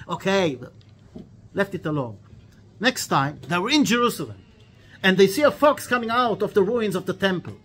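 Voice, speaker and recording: A man teaching a weekly religious lesson, telling stories in an animated way with quoted dialogue, earnest, and repeating key phrases. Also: high voice, normal speed. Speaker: Torah teacher.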